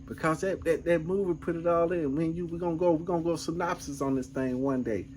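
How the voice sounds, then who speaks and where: A man's voice: fairly high pitch, steady tone, a little fast, a little mellow, slight background noise. Laid-back rambling man telling stories. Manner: laid-back, rambling, peppered with "man" and "you know what I'm saying". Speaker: vlogger. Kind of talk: casual storytelling.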